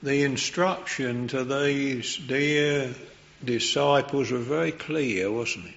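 A man preaching a sermon in a slow, reverent and earnest way, his voice rising in fervour at times. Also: mid-range voice, creaky, a bit bright, lo-fi sound.

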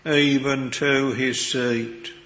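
A man delivers a sermon at a very unhurried pace, in a plain mid-range voice. His earnest, old-fashioned preaching is full of scripture quotations. The sound is roomy, with a long reverb trailing through a chapel. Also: mid-range voice, flat delivery, a bit bright, a little hiss or hum. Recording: echoey hall with long reverb.

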